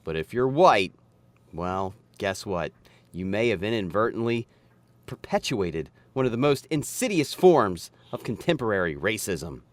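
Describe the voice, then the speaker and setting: A man's voice: fairly low pitch, big pitch swings, a little slow, no room sound. A man co-hosting a podcast, chatting and joking with a loose, profane manner and reading a news story aloud. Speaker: podcast co-host.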